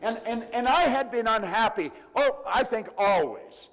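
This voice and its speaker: A man's voice: extremely high pitch, lively intonation, measured pace, fairly bright tone. An older man giving an emphatic motivational seminar talk to a live audience, telling stories with retold dialogue. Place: large room before a live audience. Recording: long hall reverb.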